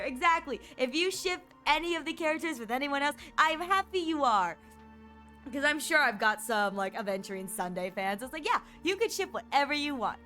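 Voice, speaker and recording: A woman streamer chatting casually on a game stream, animated and giggly, with playful mock voices. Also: a little high.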